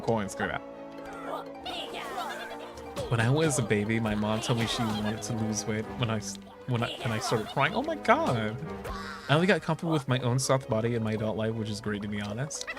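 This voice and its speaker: A young man chatting casually while he plays, candid and full of swearing and laughter, jumping into high mocking voices when he quotes people. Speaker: streamer. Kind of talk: casual chat while gaming. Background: game music.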